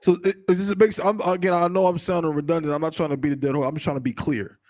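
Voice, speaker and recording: A man in a scripture class asking questions and reading verses slowly, often affirming with "come on, come on". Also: a little high, little pitch movement, darkish tone, no echo. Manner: reads scripture slowly and deliberately. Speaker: student.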